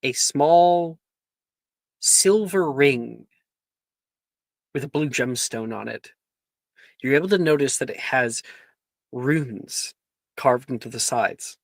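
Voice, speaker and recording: Slow-talking, halting male game master. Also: mid-range voice, creaky, no echo, studio quality. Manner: hesitant, full of likes and ums. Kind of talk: narrating a tabletop game.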